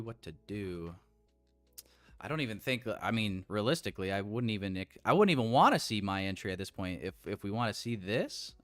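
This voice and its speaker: A man's voice: on the low side, a bit bright, smooth, no room sound. A man streaming live trading commentary, chatting casually, thinking aloud, swearing now and then and answering chat. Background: faint music.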